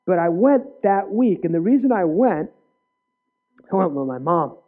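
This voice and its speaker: A male preacher giving an earnest personal testimony in a sermon, with sudden loud bursts. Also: sits high, very animated, measured pace. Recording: tinny phone-like sound.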